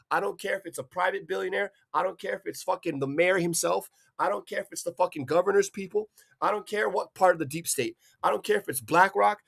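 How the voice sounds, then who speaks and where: A man from Hawaii delivering an angry, profanity-filled rant, swearing constantly and bursting into shouts. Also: high-pitched, vocal fry, slightly rough. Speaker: vlogger.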